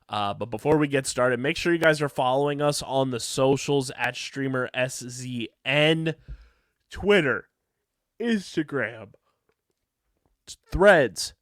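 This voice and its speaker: A man's voice: mid-range voice, no echo, studio quality. A man hosting a podcast, reading ads and reviewing an episode with enthusiasm while tired late at night. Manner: energetic, enthusiastic, fast ad reads. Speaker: podcast host.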